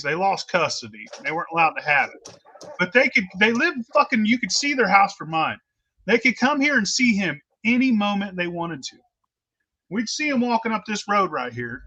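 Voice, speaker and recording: A man's voice: high voice, sharp tone. A man telling a long personal story in casual, blunt, heavily cursing talk, with rambling restarts. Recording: dull lo-fi recording.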